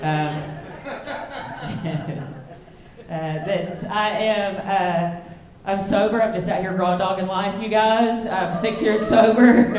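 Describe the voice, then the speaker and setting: A woman's voice: mid-range voice, slow, darkish tone, a little hiss or hum. A woman in her thirties doing a stand-up comedy set, brash and crude, with self-deprecating punchlines. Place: comedy club stage with live audience. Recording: roomy live club sound.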